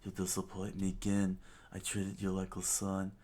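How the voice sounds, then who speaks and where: A man's voice: low-pitched, completely flat delivery, moderate pace, mellow, slightly rough. A man voicing a furious, domineering pirate captain in a stern, scolding way.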